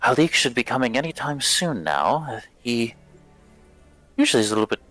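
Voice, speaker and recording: A prim, proper noble lady in a tabletop game, formal and commanding with a gracious edge. The man's voice is pitched well above his own low one for her, as a game master puts her on. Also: very animated, a little fast, a bit bright, soft background music.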